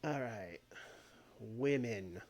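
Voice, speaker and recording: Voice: medium pitch, expressive, extremely slow, a little mellow. A streamer thinking aloud while playing a wrestling booking game, laughing often and changing plans mid-sentence. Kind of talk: casual live-stream chat. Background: faint background music.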